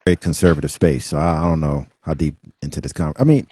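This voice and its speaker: A man talking as a guest on a casual podcast, relaxed and reflective, often restarting his sentences. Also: very deep voice, quick pace, a loud crowd. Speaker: guest musician. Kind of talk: casual chat.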